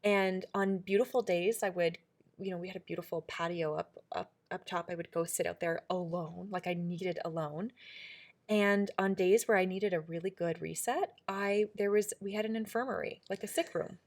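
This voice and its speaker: A woman's voice: on the low side, fairly even intonation, moderate pace, a little mellow. A middle-aged woman co-hosting a podcast, talking in a casual, reflective way. She is earnest and emphatic, with many restarts and fillers. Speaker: podcast co-host.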